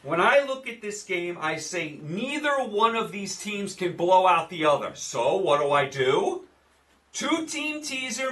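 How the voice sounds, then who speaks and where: A man's voice: fairly high pitch, a bit bright, distant mic. A man with a New York accent giving casual, opinionated sports betting picks as host, repeating himself for emphasis.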